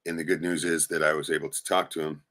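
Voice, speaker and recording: A man's voice: rumbling low, level tone, quick pace. A middle-aged man streaming live, swearing freely and rambling through stories while showing photos. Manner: profane, rambling storyteller with sudden loud jumps. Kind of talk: casual venting monologue showing photos.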